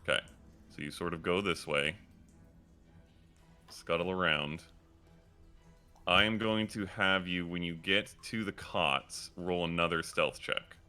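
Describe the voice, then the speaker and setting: Low bright-toned man narrating a tabletop game. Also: soft background music. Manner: slow, descriptive scene-setting with frequent fillers. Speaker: dungeon master.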